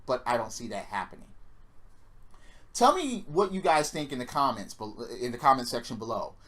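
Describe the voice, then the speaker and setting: A wrestling vlogger rants in a fury, swearing constantly and sneering sarcastically. The pitch swings a lot, leaping up on the angry outbursts and sinking on the muttered asides. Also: sing-song, moderate pace, fairly bright tone. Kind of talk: profane opinion rant.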